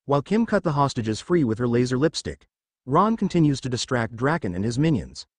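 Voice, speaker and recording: A man reading a fan fiction story aloud and voicing its characters in his own voice, with a halting delivery. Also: mid-range voice, big pitch swings, dry recording, studio quality. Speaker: narrator.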